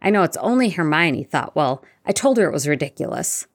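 A woman's voice: very animated, brisk. A woman doing a flustered teenage boy. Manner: voice raised and higher, blurting.

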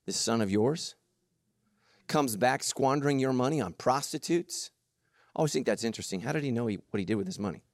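A man preaching a sermon, animated and jokey, acting out the story's voices. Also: medium pitch, brisk, no echo, studio quality. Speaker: pastor.

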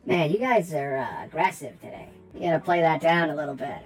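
A woman doing a brash goblin wizard who is foul-mouthed, smug and dismissive of everyone else. The voice sits fairly low for a woman, and faint music runs behind. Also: lively intonation, a little fast, darkish tone, rough recording.

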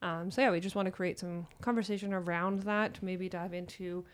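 A young woman co-hosting a podcast, chatting casually and playfully with quick laughs and lively asides. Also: lowish voice. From small town. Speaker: podcast co-host. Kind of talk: casual chat.

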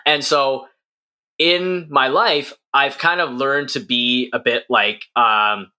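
A man's voice: mid-range voice, fairly even intonation, slow, pushed and bright. A young man co-hosting a podcast, talking reflectively in a casual conversation with plenty of fillers and restarts. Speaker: podcast co-host.

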